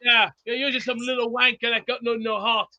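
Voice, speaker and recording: A man with a strikingly high, bright voice throws out blustering insults and brags, often breaking into shouts. The sound is dry and a little dull, like a cheap mic. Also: level tone, a little fast, a little hiss or hum. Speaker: show regular. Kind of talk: brash trash-talking banter.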